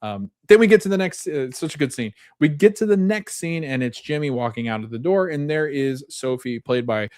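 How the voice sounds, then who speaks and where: A man's voice: fairly high pitch, expressive, a little fast, few pauses, a little mellow, dry recording, studio quality. A man hosting a podcast, retelling a TV episode in a casual, rambling way and often correcting himself. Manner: rambling, self-correcting, chuckles while retelling scenes. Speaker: podcast host.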